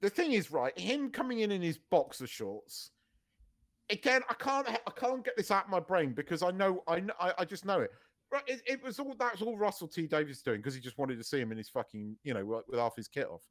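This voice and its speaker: A man's voice: high-pitched, big pitch swings, brisk, fairly bright tone. A man co-hosting a podcast in casual chat, ranting hard, swearing and repeating himself. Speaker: podcast co-host.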